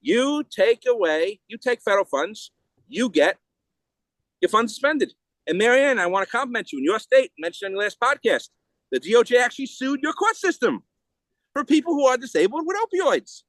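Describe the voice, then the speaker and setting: A man speaking as a podcast guest in a heated, rapid way, often restarting and repeating words. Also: very high voice, sing-song, fairly bright tone, no echo. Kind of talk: casual interview talk.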